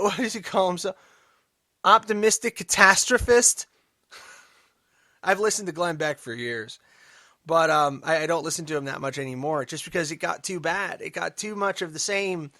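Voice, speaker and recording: A man hosting a political commentary podcast, emphatic and sarcastic, dropping to mutters and then rising loud. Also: a little high, measured pace, long pauses, no room sound, studio quality. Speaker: podcast host.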